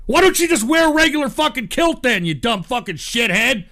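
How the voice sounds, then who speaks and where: Profane, ranting high-voiced man. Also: animated, brisk, gravelly, few pauses, pushed and bright. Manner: profane, heated and mocking, reads viewer donations aloud. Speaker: livestream host. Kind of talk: angry political rant.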